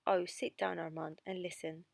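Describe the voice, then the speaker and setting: A woman's voice: lowish voice, flat delivery, normal speed, gravelly, a little mellow, dry recording. A woman voicing a weary, patient male opera director in a storybook reading.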